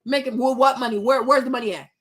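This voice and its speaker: A woman host delivers a brash, mocking rant with heavy emphasis. Her voice sits high for a woman, and she punches her lines hard. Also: steady tone, fast. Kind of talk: ranting commentary.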